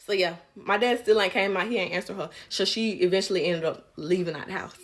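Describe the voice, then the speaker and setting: A woman's voice: mid-range voice, fairly quick. A young woman telling a casual storytime, blunt and profane, acting out the quotes.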